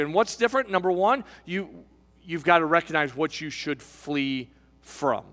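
High-voiced man preaching from a pulpit. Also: lively intonation, long reverb tail. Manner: emphatic preaching, halting repeats, shifting to quiet asides. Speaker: pastor. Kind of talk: sermon. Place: church sanctuary, behind a pulpit.

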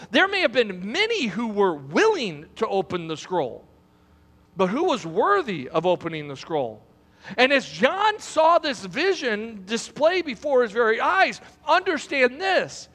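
A man preaching a sermon as pastor, with dramatic pauses and rising emphasis. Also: very high-pitched, fairly bright tone. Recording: long hall reverb.

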